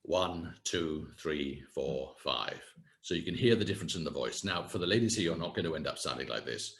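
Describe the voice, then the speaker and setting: Male coach, 60s, low voice that swoops up and down, demonstrative and self-mocking, video call mic. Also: rapid-fire, gravelly. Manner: animated, demonstrative, self-deprecating. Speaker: communication coach and presenter. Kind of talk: live online workshop talk. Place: home setting, UK. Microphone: video call webcam.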